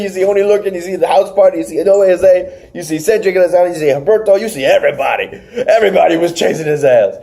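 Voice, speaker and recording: A man hosting a casual wrestling review podcast, recapping matches with animated retellings and acted-out lines. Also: sits high, fast, gravelly, hardly any pauses. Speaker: podcast host.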